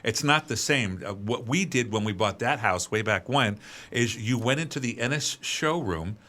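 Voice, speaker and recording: A middle-aged man co-hosting a podcast, chatting casually and telling animated stories, laughing as he talks. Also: medium pitch, normal speed. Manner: animated storyteller, laughs while talking. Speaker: podcast co-host. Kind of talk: casual chat.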